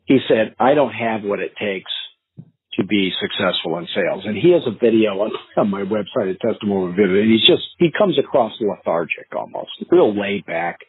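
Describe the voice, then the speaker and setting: Brief: male sales coach, low husky voice, phone-line sound, animated storytelling. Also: normal speed, no echo. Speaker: real estate sales coach. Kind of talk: podcast interview, anecdotal advice.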